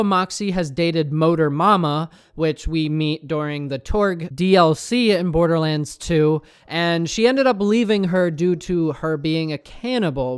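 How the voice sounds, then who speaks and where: A man's voice: on the high side, clean tone. A man narrating video game lore in a casual tone, dropping wry asides.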